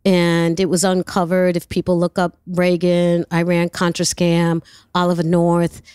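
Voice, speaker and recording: Lively New woman telling stories. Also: lowish voice, a little slow, smooth, no echo, studio quality. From New York. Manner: animated, lively storyteller who acts out dialogue. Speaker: actress guest. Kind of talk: interview storytelling.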